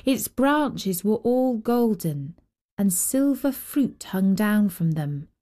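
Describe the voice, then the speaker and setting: A woman hosting a storytelling show, reading a children's story in a slow, expressive narration. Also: a little high. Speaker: storyteller host. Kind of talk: scripted narration.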